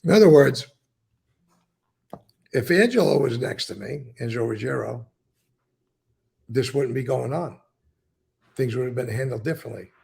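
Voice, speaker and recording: A man as an interview guest, recounting and explaining events with emphatic, animated storytelling. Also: medium pitch, normal speed, gravelly, long pauses, slightly rough.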